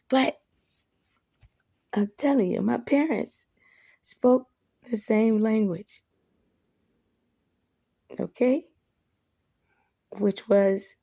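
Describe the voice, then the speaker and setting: A woman with a gravelly, mellow voice speaks in an unhurried, candid monologue. She is reflective but blunt, cursing freely as she makes her points, and the recording sounds close and dry. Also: mid-range voice, no echo. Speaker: vlogger.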